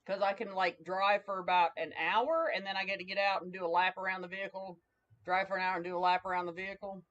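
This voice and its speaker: A woman's voice: medium pitch, steady tone, fast talker, a bit bright. A woman with a twangy Southern US accent, chatting casually with viewers while making a craft on a livestream. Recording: slightly dull lo-fi livestream audio.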